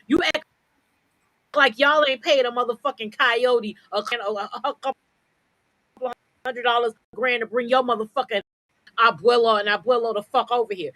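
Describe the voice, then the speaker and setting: A woman's voice: on the high side, normal speed, pauses often, bright, forceful tone, no room sound, low-quality recording. A woman co-hosting a podcast, ranting in a blunt, profane, confrontational way. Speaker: podcast co-host. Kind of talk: heated podcast rant.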